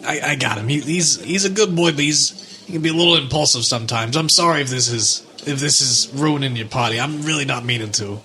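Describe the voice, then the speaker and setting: A man's voice: medium pitch, fast talker, a little hiss or hum, close to an everyday voice. A man as a chatty, apologetic shipbuilder. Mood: reassuring. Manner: warm, rambling, apologetic, with stammered restarts. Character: friendly chatty adult male shipbuilder.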